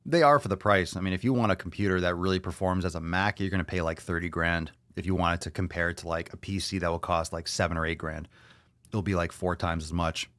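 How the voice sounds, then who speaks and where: Low-voiced man ranting casually on a podcast. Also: fairly even intonation, fast, a bit bright, no room sound, clean studio sound. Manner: loose, profane, joking, puts on silly voices. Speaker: podcast host. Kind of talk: casual solo podcast rant.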